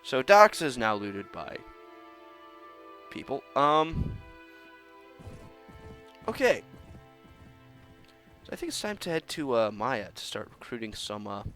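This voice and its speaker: Slow, lively-voiced man narrating gameplay. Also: medium pitch. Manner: casual, sighing, wry. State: coughing. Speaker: gaming video host. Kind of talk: let's play commentary. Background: game music.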